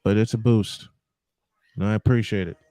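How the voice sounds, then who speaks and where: A man in casual podcast talk, slow to find his words and repeating his thanks. His voice sits low, and the sound is close and dry. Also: fairly even intonation, mellow, no room sound. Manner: grateful, halting, repeats himself. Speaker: podcast guest.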